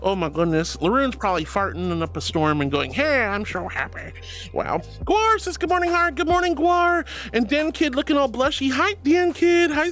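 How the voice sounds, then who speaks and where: A woman streamer chatting casually with her live chat, reading messages aloud with playful mock indignation. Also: a little high. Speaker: VTuber streamer.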